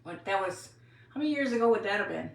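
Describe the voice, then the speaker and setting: This Wisconsin woman in her sixties hosts a craft livestream, chatting casually, rambling, and answering viewers. Her medium-pitched voice moves quickly with lively intonation and some vocal fry. The recording sounds roomy, with the mic set at a distance.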